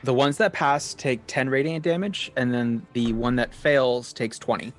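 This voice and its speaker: A man's voice: medium pitch, steady tone, moderate pace, faint music behind. A man playing a cleric in a tabletop game, reading spell rules aloud steadily. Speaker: player, cleric.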